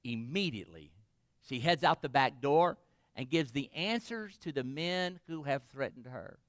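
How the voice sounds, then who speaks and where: A man's voice: mid-range voice, expressive, measured pace, a bit bright, dry recording, clean studio sound. A man pastor preaching a sermon, retelling a story dramatically and asking the congregation questions.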